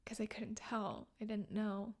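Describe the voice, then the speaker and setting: A woman podcast host telling a personal story in a soft, halting, tearful way, often dropping to a whisper. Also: medium pitch, little pitch movement. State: emotional, near tears. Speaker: podcast host and grief coach. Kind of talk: personal solo podcast monologue.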